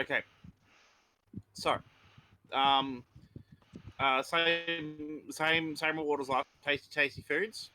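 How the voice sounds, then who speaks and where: A man's voice: fairly high pitch, fairly even intonation, takes it slowly, long pauses, pushed and bright, low-quality recording. A man playing a tabletop game over voice chat, hesitant and full of fillers. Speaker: player.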